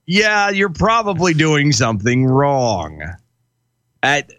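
A middle-aged man co-hosting a laid-back podcast, his pitch swinging widely as he jokes and laughs through the banter. The sound is close and dry, with no room around it. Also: slow pace, no echo. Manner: jokey, animated, laughs often. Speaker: co-host.

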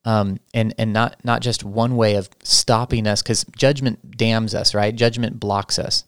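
A man hosting a spiritual podcast, talking in a soft, reflective way with many restarts. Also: on the low side, steady tone, measured pace, no room sound, studio quality. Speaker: podcast host. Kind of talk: spiritual teaching talk.

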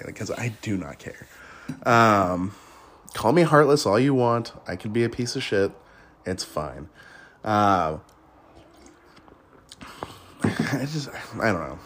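A man's voice: on the low side, fairly bright tone. A man in his thirties hosting a podcast, rambling casually in a blunt, crude way and laughing often. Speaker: podcast host.

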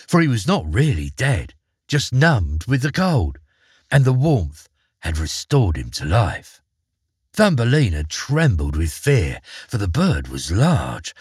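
A man reading a fairy tale aloud in an expressive storybook manner, his husky voice rising and falling with very lively pitch. The recording is dry and close, with no room sound. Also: dry recording.

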